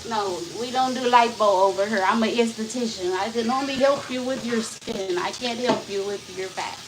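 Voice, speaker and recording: A woman's voice: on the high side, moderate pace, noisy background. A woman vlogging live from her home kitchen, chatting casually with viewers and greeting them by name while she does the dishes. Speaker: live-streaming mom vlogger. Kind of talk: casual live-stream chat.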